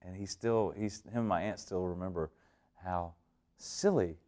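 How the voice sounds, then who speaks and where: A young man from southern Indiana with a twangy drawl, answering interview questions in a slow, laid-back way. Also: deep voice, dark tone. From Indiana, USA. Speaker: country singer interviewee.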